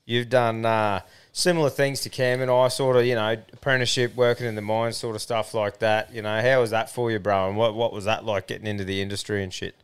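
Smooth-voiced podcast host. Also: male voice, lowish voice, level tone, brisk, few pauses. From Australia. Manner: laid-back, swears casually, asks questions. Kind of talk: casual chat.

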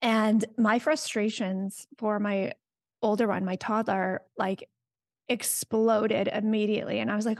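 A woman's voice: mid-range voice, fairly even intonation, unhurried, darkish tone, dry recording. A woman in her thirties, a podcast guest, talking candidly about parenting, swearing freely and acting out little quoted exchanges. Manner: frank, profane, acts out quoted voices. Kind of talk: candid casual chat.

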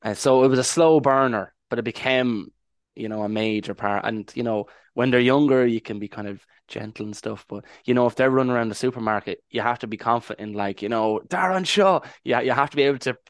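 A man's voice: mid-range voice, fairly even intonation, brisk, no echo, studio quality. An Irish man, a podcast guest, talking casually and reflectively, rambling a little with restarts as he tells his story. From Ireland. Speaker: podcast guest, language advocate.

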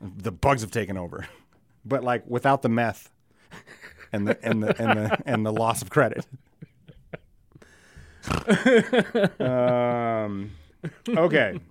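A man's voice: medium pitch, animated, slow, long pauses. A man co-hosting a podcast in casual chat, rambling and profane, often breaking into laughter. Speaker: podcast co-host.

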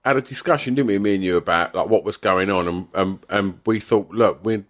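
A man's voice: deep voice, a little fast, a bit bright. A man, co-hosting a podcast in casual, hesitant chat with many restarts. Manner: hesitant, trailing off in repeated restarts. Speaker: podcast co-host.

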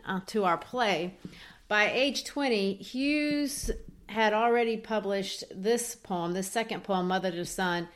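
A woman's voice: mid-range voice, fairly bright tone. A woman co-hosting an educational talk about literature, explaining a poem in an exploratory way with frequent restarts. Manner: explanatory, thinking aloud with restarts. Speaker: teacher co-host.

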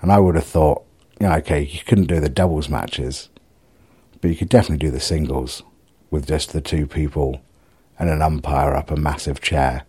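A man's voice: a bass voice, steady tone, moderate pace, warm tone, husky. A middle-aged man, rambling in a casual solo video diary, self-mocking and sweary. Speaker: vlogger.

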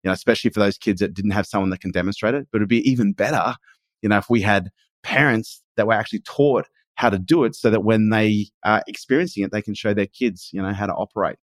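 A man's voice: fairly low pitch, fast talker, no echo. A man, in his forties, talking earnestly as a podcast guest in casual conversation. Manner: earnest and emphatic, swears casually.

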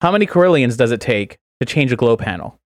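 A man co-hosting a podcast who spins out a long joke, wandering through fillers and restarts at an ordinary pitch. His voice is close on a microphone and completely dry. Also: lively intonation, quick pace, no echo. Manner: rambling, filler-heavy storytelling. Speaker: podcast co-host. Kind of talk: casual podcast chat, telling a long joke.

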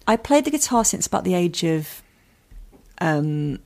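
A woman's voice: lowish voice, very animated, unhurried, creaky, mellow. An English woman in her forties, a comedian and author chatting as a podcast guest, laughing often and poking fun at herself. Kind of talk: casual podcast chat.

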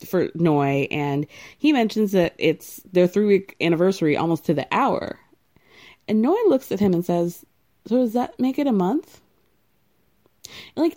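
A woman talks through a reality show recap in a relaxed, chatty way, and her low voice has a mellow, warm tone. She fills her talk with "like" and adds dry, sarcastic jokes along the way. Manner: chatty, sarcastic asides, frequent "like". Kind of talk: casual recap chat.

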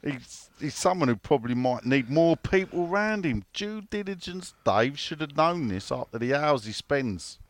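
A man's voice: a little high, lively intonation, moderate pace, few pauses, dry recording. A man co-hosting a casual football podcast, rambling through stories, swearing freely and reading out listener questions. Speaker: podcast co-host.

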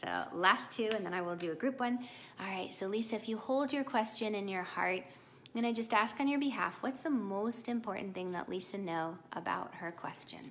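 A woman's voice: medium pitch, brisk, a little hiss or hum. A middle-aged woman giving a casual live tarot reading to viewers, chatty and encouraging. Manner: warm, chatty, encouraging, animated with laughs. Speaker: tarot reader.

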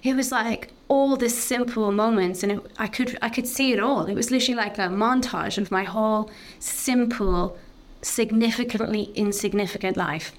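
A woman, a podcast guest talking candidly and openly about a deeply personal experience, with lots of "like" fillers. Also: normal speed. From Ireland. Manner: open, heartfelt, full of "like" fillers.

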